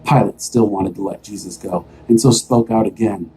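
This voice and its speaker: Deep, mellow-voiced male scripture reader. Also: normal speed, husky, soft background music, low-quality recording. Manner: steady, expressive storytelling. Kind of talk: dramatized scripture reading.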